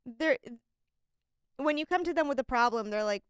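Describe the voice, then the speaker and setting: A woman's voice: sits high, lively intonation, moderate pace, smooth, no echo, studio quality. A young woman co-hosting a student podcast in casual chat, laughing often and acting out little quotes. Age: young adult. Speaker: podcast co-host.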